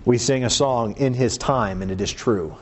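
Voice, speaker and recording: Against a faint hiss or hum, an earnest preacher reads from scripture. He asks rhetorical questions and drops his voice low and slow for emphasis.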